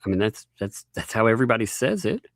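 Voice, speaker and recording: A man's voice: on the low side, big pitch swings, fast, no room sound. A man hosting a casual livestream, reading legal documents aloud and joking between lines. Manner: reads court documents aloud with frequent laughs and asides. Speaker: livestream host.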